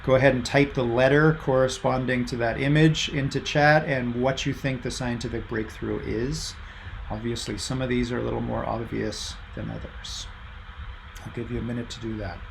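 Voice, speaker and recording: A man's voice: mid-range voice, steady tone, normal speed, gravelly, slight background noise. A middle-aged man giving a university lecture over a video call, in a casual way with many fillers, reading out student answers from the chat. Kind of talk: online lecture.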